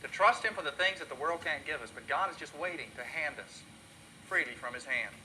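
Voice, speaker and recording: A man preaching a sermon, telling a story earnestly and dropping softly at tender moments. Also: fairly high pitch, lively intonation, fairly quick, a little hiss or hum, low-quality recording. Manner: earnest, drops softly when moved.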